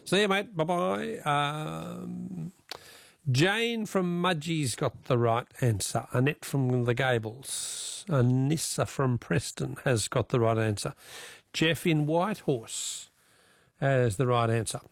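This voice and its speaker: An Australian man hosts a radio quiz show, chatting with callers and reading out their names and answers. His voice sits a little high with a gravelly edge. The studio sound is dry and close, with no room echo. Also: slow.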